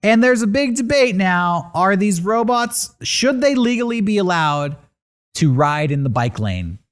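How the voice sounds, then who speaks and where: Animated man telling news stories. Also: sits high, a little slow. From San Diego area. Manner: animated storytelling with sarcastic asides. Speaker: podcast co-host. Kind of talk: casual podcast chat.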